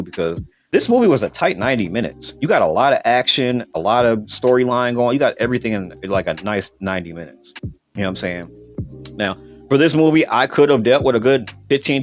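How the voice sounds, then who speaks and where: A man rattling through a movie review at high speed, rambling and emphatic, with casual swearing. His voice sits on the low side, and faint music plays under his talk. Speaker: podcast host and film reviewer.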